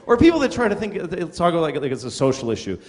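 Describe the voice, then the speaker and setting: A man's voice: fairly high pitch, wildly swooping pitch, quick pace, darkish tone. A man performing a profane, ranting stand-up comedy routine on stage. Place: live comedy venue. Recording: echoey live club with audience noise.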